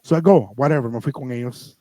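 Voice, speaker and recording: A podcast co-host with a mid-range, mellow voice talks quickly as he tells a family story, playing out the people in it and slipping Spanish phrases into his casual English. The recording is rough but has no echo.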